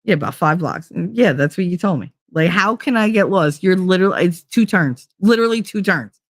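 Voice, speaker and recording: A woman's voice: lowish voice, lively intonation, brisk, dry recording, clean studio sound. A middle-aged woman talking candidly in a rambling podcast monologue, acting out quotes and laughing often. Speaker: podcast host. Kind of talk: casual monologue.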